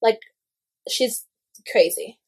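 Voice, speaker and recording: A young woman in casual gossip chat, animated and full of "like" fillers, swearing freely. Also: drawn-out words.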